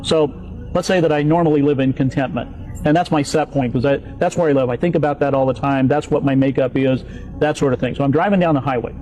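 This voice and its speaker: A man's voice: mid-range voice, fast talker, darkish tone, soft background music, poor audio. A man explaining an idea step by step with everyday examples, in a clip played on a podcast. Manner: plain teaching tone with everyday examples. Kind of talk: explanatory talk.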